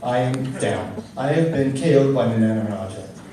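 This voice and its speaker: A young man doing a stand-up comedy set, telling stories with animated, exasperated voices for the people in them. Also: medium pitch, brisk, very echoey, distant mic, crowd noise. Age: young adult. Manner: animated storytelling, loud exasperated character bits. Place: comedy club stage.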